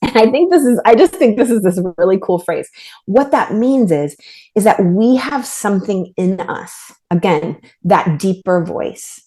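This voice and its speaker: A woman author and trauma therapist, speaking as a podcast guest in a thoughtful, halting way with frequent restarts. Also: mid-range voice, expressive, dark tone. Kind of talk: reflective podcast conversation.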